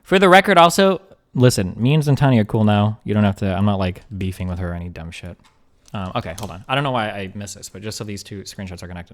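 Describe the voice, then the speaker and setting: A man's voice: on the low side, lively intonation, fast talker. A man streaming, talking casually and profanely while reading messages aloud.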